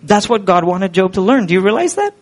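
A man's voice: sits high, sing-song, fairly quick. A man preaching a sermon in an earnest, conversational way, asking the listeners rhetorical questions.

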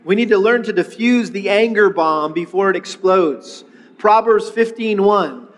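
A man's voice: sits high, moderate pace, in a large hall. A man preaching a sermon as a pastor, in an earnest manner, often repeating words as he starts a phrase.

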